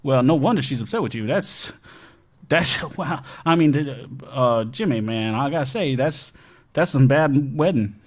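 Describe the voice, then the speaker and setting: An actor playing a rambling doomsday-prep show host who stumbles and restarts mid-sentence. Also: male voice, mid-range voice, expressive, unhurried. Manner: rambling, stumbling over his words. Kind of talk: improvised comedy live stream. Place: home bunker.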